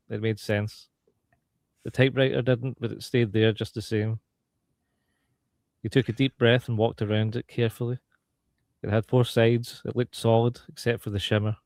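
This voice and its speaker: A man reading a short story aloud on a podcast in a steady, even way. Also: mid-range voice, dry recording. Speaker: podcast co-reader.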